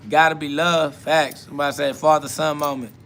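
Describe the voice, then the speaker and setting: A man hosting a live self-talk podcast, with a bright, slightly high voice. He preaches bluntly and profanely, keeps saying "facts" and answers viewers' comments. Faint background noise sits behind him. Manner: answers chat comments aloud.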